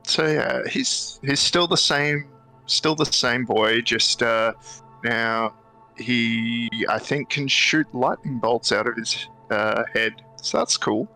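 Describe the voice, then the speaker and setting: A man's voice: mid-range voice, slow pace, sharp tone, faint music behind, low-quality recording. A man playing a tabletop game, easygoing as he describes his character. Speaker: player. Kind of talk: casual tabletop game chat.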